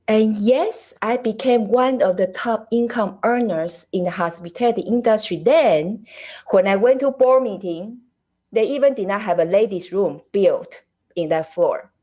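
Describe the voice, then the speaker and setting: A woman in her forties speaks English with a non-native accent. She gives an inspirational faith-based talk as a podcast host. Her pace is unhurried, and she lands every point with steady, emphatic weight at a middling pitch. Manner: slow, deliberate, emphatic delivery.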